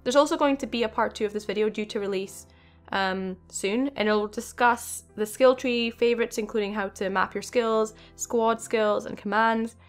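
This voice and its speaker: A young woman hosting a gaming channel, talking in an excited, rambling way with many fillers. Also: fairly high pitch, moderate pace, soft background music. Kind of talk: casual video game commentary.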